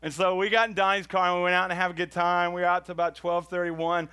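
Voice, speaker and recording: A man's voice: sits high, level tone, fast, bright, forceful tone, smooth. A man from Houston, doing rambling, self-mocking stand-up storytelling. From Houston, Texas. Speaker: stand-up comedian.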